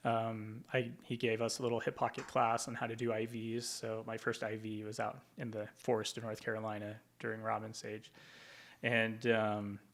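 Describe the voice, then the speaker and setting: Being interviewed, a veteran from Tacoma, Washington, USA, speaks at a moderate pace in a fairly low, slightly bright voice with completely flat delivery. His casual stories ramble, thick with ums and likes.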